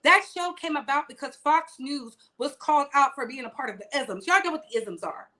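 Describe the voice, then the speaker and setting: A woman's voice: sits high, expressive, a little fast, pushed and bright. A woman hosting a live-streamed gossip show, chatting casually and sassily while greeting viewers by name.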